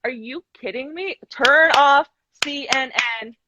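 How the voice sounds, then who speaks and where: A woman's voice: high-pitched, a little slow, muffled recording, background noise. A woman co-hosting a live-stream discussion, talking in an emphatic, scornful way. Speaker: podcast co-host.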